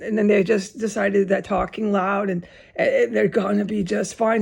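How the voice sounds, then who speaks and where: Gravelly, agitated woman ranting. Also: mid-range voice, steady tone, normal speed, darkish tone. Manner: agitated, profane, indignant. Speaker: vlogger. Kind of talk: angry ranting vlog.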